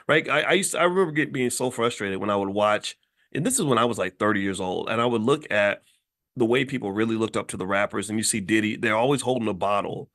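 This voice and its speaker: A man's voice: lowish voice, fast talker, fairly bright tone, dry recording, clean studio sound. A man from Louisville, Kentucky, hosting his own show and talking in a passionate, colloquial, preachy commentary. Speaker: show host. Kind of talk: commentary monologue.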